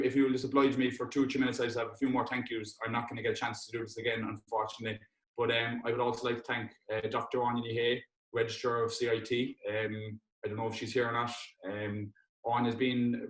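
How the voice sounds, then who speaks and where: A man's voice: mid-range voice, echoey room, rough recording. A young man giving a heartfelt, rambling thank-you speech as host, tearful at times. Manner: heartfelt, rambling, many restarts and fillers. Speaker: students' union president hosting an awards event. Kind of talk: emotional thank-you speech on a video call.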